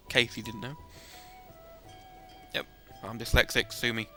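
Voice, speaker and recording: Guy rambling over his game, joking at himself, bright voice, soft game music. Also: medium pitch, level tone, measured pace, pauses often. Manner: chatty and self-deprecating. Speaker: gameplay commentator. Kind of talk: casual let's-play commentary.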